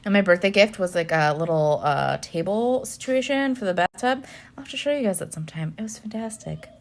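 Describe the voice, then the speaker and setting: A woman's voice: mid-range voice, expressive, brisk. A woman vlogger chatting casually to her viewers, rambling with lots of fillers and laughs. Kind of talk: casual chat.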